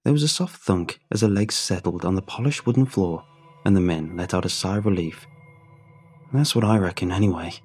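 A man narrating a first-person story in a measured, reflective way. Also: sits low, darkish tone, slightly rough, soft background music.

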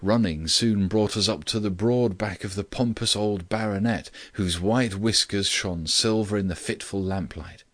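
A man with a very deep voice narrates a classic story at a measured pace. His delivery is steady and scripted. The recording is dry and close, with no room sound. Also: no room sound. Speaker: audiobook reader.

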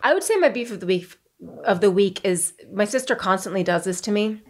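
A woman's voice: medium pitch, a little fast. A woman co-hosting a podcast, telling a playful story in casual chat. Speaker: podcast co-host.

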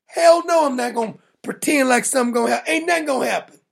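A man's voice: extremely high pitch, fast, vocal fry, husky. A man hosting a political talk show, ranting in an emphatic, mocking, blunt way. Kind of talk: opinionated political rant.

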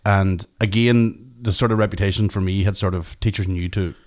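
A man's voice: deep voice, steady tone, normal speed, darkish tone. A man in casual, sweary chat, laughing often as he tells a story from school.

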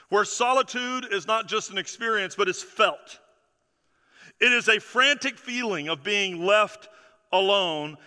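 A man preaching a sermon as pastor, emphatic and full of repeated phrases, often dropping soft and low for effect. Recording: long reverb of a large hall.

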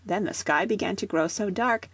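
A woman reading a children's storybook aloud in a gentle, even storytelling manner. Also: mid-range voice, moderate pace, slightly rough, no echo. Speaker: audiobook reader.

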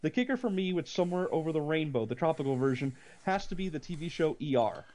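Rambling, excitable man ranting about films. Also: on the high side, quick pace. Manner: rambling, animated rants with many restarts. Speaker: podcast co-host. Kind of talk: casual movie chat.

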